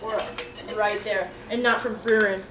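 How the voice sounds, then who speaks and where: A woman's voice: medium pitch, fairly even intonation, normal speed. A young woman casually chatting to her livestream audience while cooking at home, goofy and rambling, swearing now and then. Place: home kitchen. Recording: echoey room, mic at a distance, background noise.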